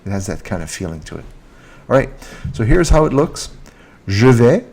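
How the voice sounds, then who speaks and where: A man teaching grammar in a video lesson, repeating example sentences and lifting his pitch on the question words. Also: sing-song, a little fast, gravelly, darkish tone, slightly rough. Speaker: French teacher.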